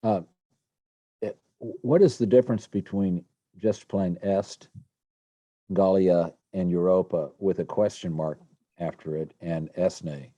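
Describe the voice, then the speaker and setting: A man's voice: deep voice, steady tone, a little slow, warm tone, dry recording. A man who is a student in a Latin class, asking careful questions to check his understanding. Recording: dull lo-fi.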